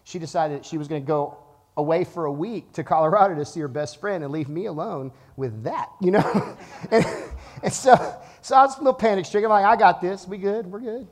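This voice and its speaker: A pastor in his thirties preaching to his church, telling a lively story and then dropping to a hushed, earnest tone. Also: sits high. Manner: animated storytelling, swings from loud to hushed. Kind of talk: sermon. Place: church auditorium.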